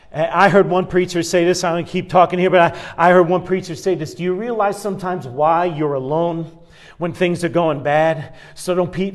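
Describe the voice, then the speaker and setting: High-voiced man preaching a folksy sermon. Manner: conversational preaching with laughs and asides. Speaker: pastor.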